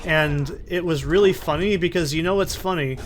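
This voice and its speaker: A man's voice: on the high side, moderate pace. Rambling, profane man commentating a game. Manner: rambling, profane, self-interrupting. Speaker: let's play commentator. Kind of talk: casual gameplay commentary storytelling. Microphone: desk condenser mic in a soundproofed corner.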